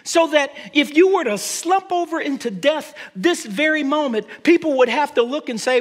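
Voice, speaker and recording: A pastor delivers a sermon in a high, light voice for a man. His words carry a long reverb, as in a large church sanctuary. He often doubles back and restarts his phrases as he preaches. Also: expressive, moderate pace, few pauses.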